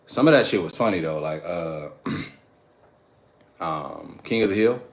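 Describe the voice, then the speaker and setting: A man's voice: deep voice, lively intonation, unhurried. A man chatting loosely on a live stream, slangy, profane and rambling. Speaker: fitness streamer. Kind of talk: casual live-stream chat.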